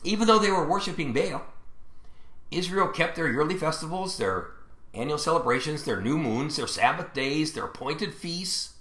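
A man's voice: on the high side, lively intonation, normal speed, fairly bright tone, echoey room. A man preaching a sermon as pastor, explaining scripture with some fillers and restarts, and reading verses aloud with rising emphasis.

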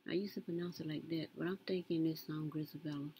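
A woman's voice: sits low, fairly even intonation, fast talker, dark tone, a little hiss or hum, poor audio. A woman, casually commenting on a news story as she browses, muttering to herself and reading aloud with emphasis. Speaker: content creator reading news.

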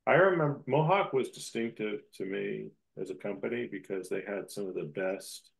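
A man's voice: sits low, gravelly, poor audio. A man chatting casually on a video call, reminiscing and admiring artwork. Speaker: artist in a group session. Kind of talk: casual chat.

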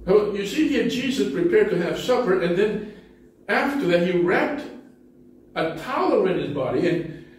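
In a church sanctuary, a male pastor with a high, animated voice preaches at a moderate pace, telling stories conversationally with self-deprecating humor. The recording is very echoey, with a distant mic.

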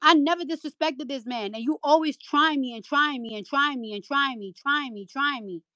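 Into her phone mic, the host of a live audio chat room, a rapper, unleashes a heated, profane rant and keeps repeating lines to stress them. She speaks at normal speed in a high, pushed, bright voice, with no room sound.

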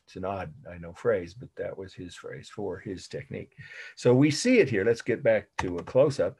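A man teaching an art history lecture, dictating definitions slowly, repeating them, and pausing with frequent fillers. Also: sits low, darkish tone, slightly rough. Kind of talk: recorded classroom lecture.

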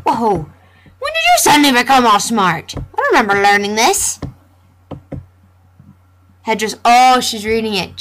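A woman's voice: mid-range voice, fairly bright tone. A young woman playfully commentating a computer game, joking and reading the dialogue aloud. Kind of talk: gameplay commentary.

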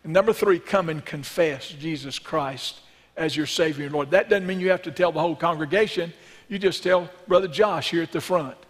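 Male pastor, earnest sermon, hushed prayer, high voice, church sanctuary, long reverb. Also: moderate pace.

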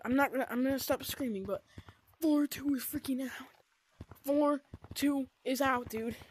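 A woman giving excited gameplay commentary, gushing and squealing, with "oh my gosh" and "dude" constantly. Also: high-pitched, a little hiss or hum. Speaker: gaming video creator.

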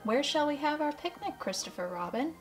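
Woman doing a tiny nervous piglet for a storybook: high, shaky, stammers on worried questions. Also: big pitch swings, fairly quick, faint music behind. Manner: stammering, anxious. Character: small timid male piglet, nervous. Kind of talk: storybook reading.

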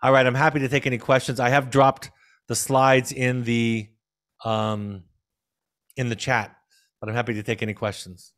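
A man in his fifties, a parenting expert, telling a gentle, reflective story during a video call Q&A. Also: medium pitch, little pitch movement, normal speed. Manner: reflective, gentle, with frequent restarts. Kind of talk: storytelling answer in a Q&A.

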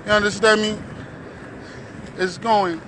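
A man livestreaming outdoors on a windy day, talking loud and slangy and calling out to his viewers. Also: high-pitched, flat delivery, takes it slowly, poor audio. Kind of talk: hyped casual livestream talk.

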